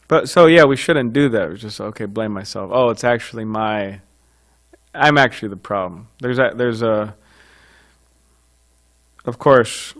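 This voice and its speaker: A man giving an informal scripture class, talking conversationally with frequent fillers and light chuckles. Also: on the low side.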